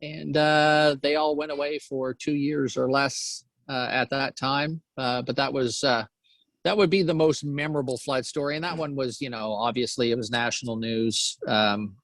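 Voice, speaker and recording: A man's voice: medium pitch, fairly even intonation, a bit bright, no room sound. Middle-aged new brunswick guy, interview guest, lots of ums and restarts, dry close sound. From New Brunswick, Canada. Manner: halting, many fillers and restarts. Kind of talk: casual interview chat.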